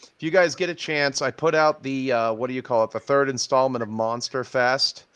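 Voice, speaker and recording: A man chatting casually as a guest, often pausing to search for words. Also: mid-range voice, a bit bright, clean tone. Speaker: streamer guest. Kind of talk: casual chat.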